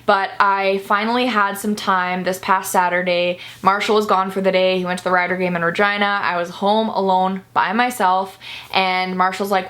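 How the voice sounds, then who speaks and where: A woman's voice: mid-range voice, level tone, normal speed, fairly bright tone. A young woman talking to camera in a candid personal vlog, earnest and confessional, near tears at times. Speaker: vlogger.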